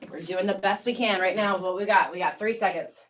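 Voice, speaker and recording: Fitness instructor, woman, mid pitch; encouraging countdowns, recorded a bit away from the mic. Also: a little fast, far from the mic, a little hiss or hum. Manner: encouraging counting cues, calm coaching. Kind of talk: guided workout class.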